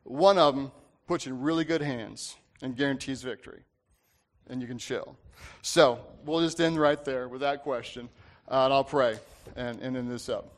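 A man's voice: mid-range voice, normal speed. A man preaching a casual sermon, talking to the congregation conversationally, often checking in with "right?" and restarting his sentences. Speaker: pastor.

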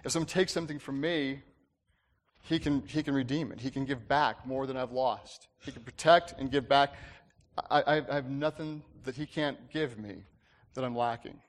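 A man's voice: mid-range voice, moderate pace. A man preaching a casual sermon, talking to the congregation conversationally, often checking in with "right?" and restarting his sentences. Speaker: pastor.

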